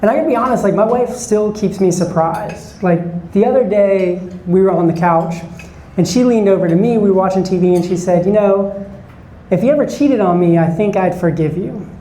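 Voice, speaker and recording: A man's voice: sits high, brisk, warm tone, echoey room, poor audio. A man in his forties doing a stand-up set, chatting and bantering with the audience from a club stage. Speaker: stand-up comedian. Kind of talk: stand-up set with crowd work.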